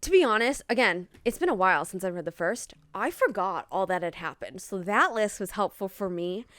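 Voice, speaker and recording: A woman's voice: medium pitch, fairly quick, no room sound. A young woman co-hosting a podcast, chatting eagerly about a novel and agreeing with her co-host. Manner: eager agreeing, animated retellings. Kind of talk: casual book chat.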